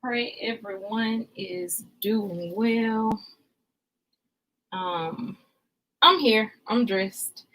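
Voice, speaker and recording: A young woman hosting a casual livestream, chatting and greeting viewers by name with lots of filler pauses. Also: mid-range voice, a bit bright. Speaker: livestream host.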